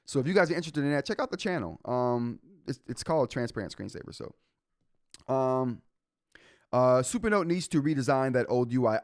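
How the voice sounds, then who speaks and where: A man's voice: mid-range voice, lively intonation, a little fast, no room sound, clean studio sound. A man hosting a live tech show in a casual way, reading update notes aloud and reacting to the chat.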